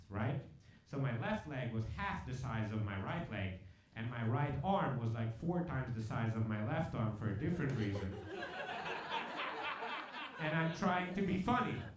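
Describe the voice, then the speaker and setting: A man's voice: mid-range voice, very echoey, far from the mic. A man performing a stand-up comedy set, telling stories and acting out the people in them. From Hungary and South Africa. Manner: animated storytelling, acts out other people in quoted bits. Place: live comedy venue with a laughing audience.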